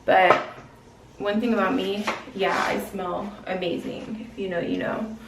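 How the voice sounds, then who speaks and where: A woman's voice: mid-range voice, steady tone, measured pace, gravelly, noisy background. A young woman chats in casual vlog style, slangy and self-reflective. She sits a little way from the mic, and the room around her rings with echo. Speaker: vlogger. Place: gym. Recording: echoey room, mic at a distance.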